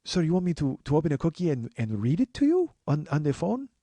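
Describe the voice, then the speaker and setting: A man putting on the voice of a flustered restaurant worker on the phone who talks in halting, broken phrases. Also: fairly high pitch, huge pitch swings, mellow, no room sound, voice pushed up, full character voice. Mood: hesitant.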